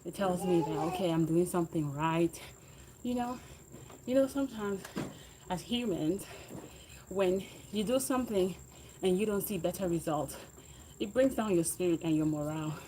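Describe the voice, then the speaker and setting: A woman's voice: on the low side, moderate pace, pauses often, noisy background. Upbeat motivational woman livestreaming. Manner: encouraging, motivational, talks while exercising on a bike. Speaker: livestreaming fitness vlogger. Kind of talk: casual livestream chat with viewers.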